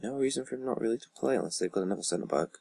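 Gravelly man muttering over gameplay. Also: mid-range voice, animated, rapid-fire, darkish tone, no room sound. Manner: rambling, swears and mutters asides. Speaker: YouTuber playing a football management game. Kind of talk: casual gameplay commentary.

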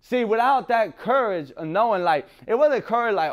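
At a recovery meeting, a middle-aged man with a high-sitting, expressive voice speaks at a moderate pace. His talk is rambling, blunt and profane, and he swears freely while laughing at himself.

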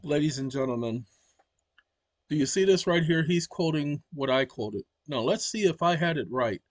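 This man hosts his own channel and delivers an emphatic, preachy monologue straight to his audience. His voice is husky and sits somewhat high for a man. The sound is dry and close, with no room echo. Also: expressive, normal speed. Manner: emphatic and preachy, keeps addressing the audience directly. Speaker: channel host. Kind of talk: casual explanatory monologue.

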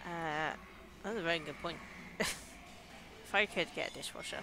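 A woman's voice: sits low, normal speed, background noise. A young woman with an English Midlands accent chatting casually and giggling as she streams a game. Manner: chatty, giggly, reacts aloud to scares. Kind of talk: casual live gameplay commentary.

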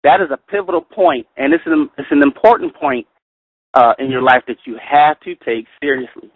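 A middle-aged man leading a Bible study, reading verses slowly and carefully, then telling personal stories with animated delivery. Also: fairly high pitch, no echo. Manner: animated storyteller, reads scripture slowly and carefully. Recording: tinny phone line, dry.

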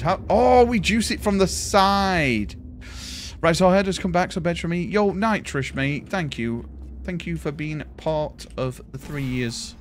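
A man's voice: a little high, a little hiss or hum. A man casually chatting and swearing while streaming a video game, calling his viewers "boys" and thanking them.

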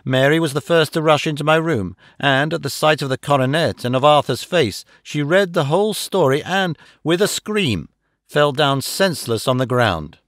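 A man narrating a classic detective story as an audiobook, reading in a measured, dramatic first-person way into a close microphone. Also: on the high side, lively intonation, fairly bright tone, no room sound. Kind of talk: scripted narration.

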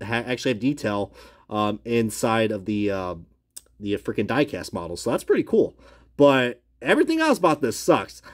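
A man in a foul-mouthed comic review rant, his pitch leaping around wildly. He swings from high, exasperated outbursts down to low, disbelieving mutters. He keeps swearing and laughing at his own jokes. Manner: swings between shouted outrage and low muttering. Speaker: die-cast car reviewer. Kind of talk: profane comedic review rant.

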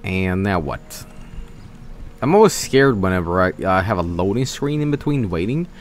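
A Swedish streamer casually commentates a video game, jokey, profane and animated, swearing and putting on silly voices. His voice is low at a normal speed, with faint music behind.

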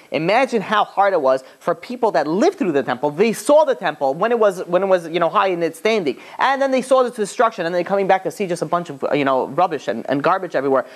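Rabbi guy telling an old story to his class, talks real fast, keeps restarting and going off on asides. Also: a little high. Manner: quick, loose storytelling with many restarts and asides. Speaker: rabbi teaching.

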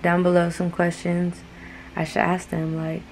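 A young woman from California with a Californian accent, chatting casually to her vlog camera in a relaxed, slangy way, full of "like". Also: lowish voice, a little slow, slight background noise, low-quality recording. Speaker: vlogger. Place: in a car, then a restaurant. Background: loud music.

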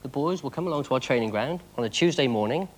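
English male sports guest, dry measured delivery. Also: medium pitch, lively intonation. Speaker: football captain guest. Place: TV studio with audience.

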